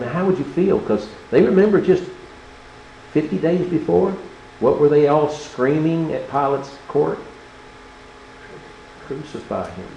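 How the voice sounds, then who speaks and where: A man's voice: lowish voice, a little mellow, a little hiss or hum. A man preaching a sermon, impassioned and full of rhetorical questions to the congregation. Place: church. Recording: roomy church hall, faint ambience.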